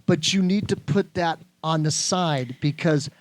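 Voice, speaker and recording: A man with a fairly high voice hosting a podcast, pressing his motivational points again and again with preachy emphasis. He is recorded close and dry. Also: a little slow, dry recording. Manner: emphatic, preachy, repeats himself. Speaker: podcast host. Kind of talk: motivational casual chat.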